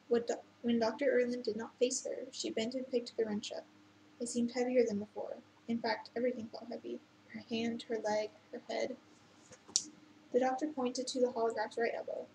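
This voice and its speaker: A woman reading a novel aloud at an unhurried pace, with occasional slips and restarts. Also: fairly high pitch, fairly even intonation, dark tone, slight background noise, low-quality recording. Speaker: reader.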